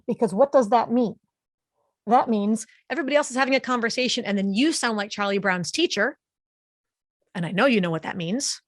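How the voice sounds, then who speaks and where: A woman giving an online webinar presentation in a lively, conversational way, speaking close to a studio microphone. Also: fairly high pitch, brisk, dry recording.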